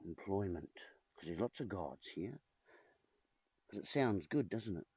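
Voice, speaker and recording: Playful punning man, lively pitch. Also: a little slow, breathy edge, no room sound, studio quality. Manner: playful, punning, addresses viewers as folks. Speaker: video host. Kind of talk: rambling wordplay monologue to camera. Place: at home with a whiteboard. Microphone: camera in front of him.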